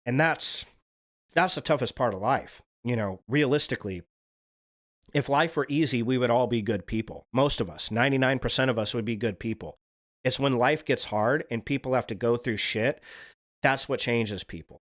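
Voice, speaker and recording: A male host speaks in a loose, unscripted monologue, earnest and a little rambling. His voice sits at an ordinary middle pitch, and he swears casually while circling back over his own words. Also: normal speed. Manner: earnest, profane, rambling with restarts. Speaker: self-help video host.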